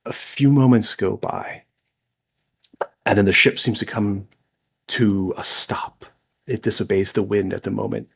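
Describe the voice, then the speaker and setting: A man narrating a tabletop game as game master in a relaxed, descriptive way with small hesitations. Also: fairly low pitch, creaky, husky.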